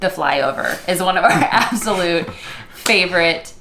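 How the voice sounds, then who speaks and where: Chatty low-voiced woman co-hosting. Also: measured pace, gravelly, sharp tone, roomy sound. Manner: chatty, upbeat, with frequent "um" and "yeah". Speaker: co-host of a couples channel. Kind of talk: casual conversational vlog.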